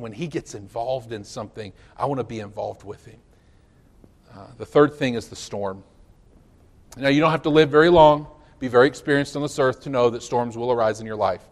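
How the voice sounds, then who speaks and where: A hoarse pastor preaching a sermon, a man who swings from loud declarations to low asides. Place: church sanctuary.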